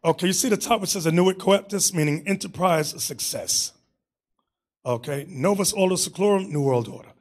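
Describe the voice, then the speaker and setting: A man's voice: high-pitched, brisk. A man teaching a Bible class in an emphatic preaching manner, calling on readers and staff between points.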